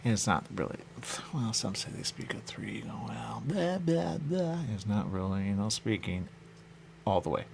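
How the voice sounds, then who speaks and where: A man's voice: fairly low pitch, fairly even intonation, normal speed, creaky, slight background noise. A man hosting a radio show, musing in a loose, repetitive monologue and returning again and again to the same stock phrases. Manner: loose, repetitive, musing, keeps saying "there you go". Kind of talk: rambling monologue.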